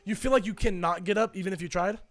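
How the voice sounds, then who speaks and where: A man's voice: sits high, fast talker. A young man co-hosting a podcast, talking in a rambling, reflective way with lots of fillers. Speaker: podcast co-host. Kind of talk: casual chat.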